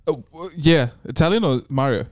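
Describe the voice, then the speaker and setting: A man's voice: fairly high pitch, expressive, a little fast, no echo, studio quality. Laid-back young New man. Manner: laid-back, blunt, swears casually. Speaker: podcast co-host. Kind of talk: casual chat.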